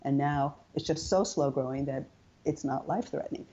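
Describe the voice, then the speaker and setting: An older woman, a guest in an interview, telling her personal story in a chatty, animated way and acting out quoted dialogue. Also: deep voice, moderate pace, dull audio.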